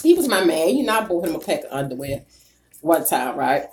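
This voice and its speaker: Animated, profane woman ranting to viewers. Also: sits low, a little fast, a little hiss or hum. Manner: bursts of loud laughter. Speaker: YouTuber reading live chat. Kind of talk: casual live-stream rant.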